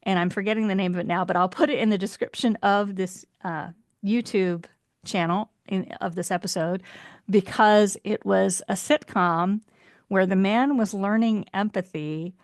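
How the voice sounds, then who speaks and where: A woman relationship coach, calmly explaining advice for couples and acting out short example exchanges. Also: medium pitch, normal speed, dry recording, clean studio sound. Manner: calm, explanatory, acts out example dialogue.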